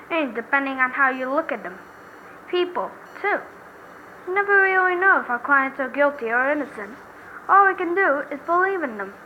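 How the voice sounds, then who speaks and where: Woman doing a calm lawyer mentor. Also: sits high, highs cut off, slight background noise. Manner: calm, instructive. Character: wise, calm female senior lawyer mentor.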